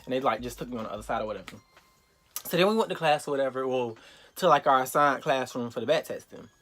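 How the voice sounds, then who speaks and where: A young man telling a storytime vlog, animated and profane, acting out the quotes loudly. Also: medium pitch, quick pace. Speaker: vlogger.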